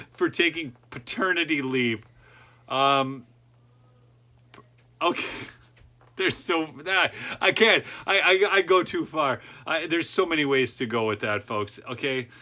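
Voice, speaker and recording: A man's voice: medium pitch, sharp tone. A man hosting a political podcast, reading news aloud and cutting in with sarcastic asides and laughter. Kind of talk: opinion commentary reading news.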